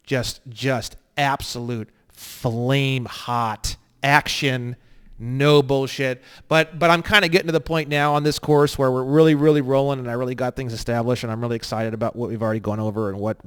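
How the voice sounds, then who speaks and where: A man teaching an online course in a crude, joking way, swinging between low muttering and loud, excited rants. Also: smooth. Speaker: online legal course instructor. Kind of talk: profane, rambling screen-share lesson.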